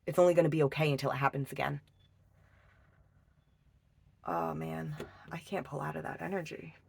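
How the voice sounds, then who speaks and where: A woman giving a casual tarot reading, emotional and halting, swearing often and restarting her sentences. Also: deep voice, fairly even intonation, creaky, a little mellow, slight background noise. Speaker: tarot reader.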